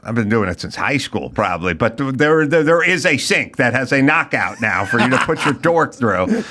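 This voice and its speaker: A man's voice: medium pitch, very animated, moderate pace, sharp tone. A middle-aged man hosting a podcast, telling crude, rambling stories in casual banter. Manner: blunt, crude, rambling storyteller. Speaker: podcast host.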